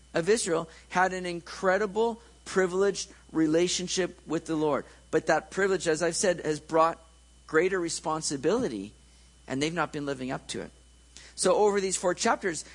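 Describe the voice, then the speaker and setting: A man's voice: high-pitched, moderate pace, low-quality recording. A man preaching a conversational sermon, joking and checking in with his listeners.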